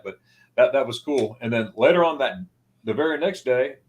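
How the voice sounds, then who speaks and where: Speaking at a medium pitch and normal speed, a man hosting a travel livestream rambles through anecdotes in casual chat on a video call. He's a meandering storyteller who performs the voices in his quotes.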